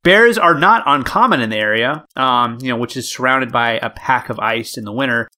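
A man co-hosting a casual news chat, playful and quick to laugh. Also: mid-range voice, pushed and bright. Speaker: podcast co-host.

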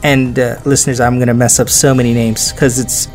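Speaking fairly quickly in a level, medium-pitched voice, a man hosts a podcast where he recounts history as jokey, casual storytelling. Faint music plays underneath, and he laughs a lot and puts on silly voices.

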